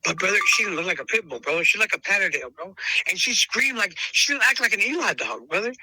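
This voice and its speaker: Forceful, fast-restarting male storyteller. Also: high voice, sing-song, husky, no echo, rough recording. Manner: repeats and restarts words, calls the listener bro and brother. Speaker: dog breeder interviewed on a podcast. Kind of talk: animated storytelling in conversation.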